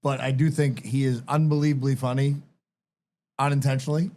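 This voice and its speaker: A man co-hosting a podcast in casual chat, enthusiastic and quick to laugh and agree. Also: medium pitch, level tone, mellow. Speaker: podcast co-host.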